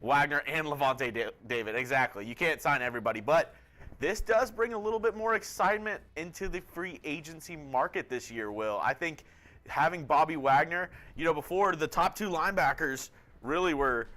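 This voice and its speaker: A man's voice: a little high, expressive, moderate pace, bright, forceful tone. A man co-hosting a live sports show, reading viewer comments and reasoning through them. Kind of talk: live sports news chat.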